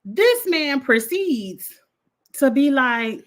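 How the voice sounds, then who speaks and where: Brief: young woman, sassy and blunt, bright higher voice, casual vlog rant. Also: extremely slow. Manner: sassy, blunt, animated, cursing freely. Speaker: reality TV reviewer.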